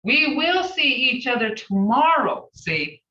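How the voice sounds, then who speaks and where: Woman teacher on a video call, bright lively voice, far off in an echoey room, dull lo-fi sound. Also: high-pitched. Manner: slow, patient, repeats phrases for practice. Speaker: language teacher. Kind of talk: online language class. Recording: roomy, distant, dull lo-fi sound.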